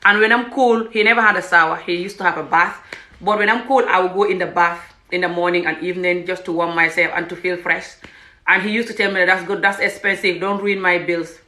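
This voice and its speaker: A woman's voice: fairly low pitch, fast, echoey room. A young woman from Gambia with a Gambian accent, casually telling her own story and acting out the voices of people in it. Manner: animated, acts out quoted speech, frequent "what the hell".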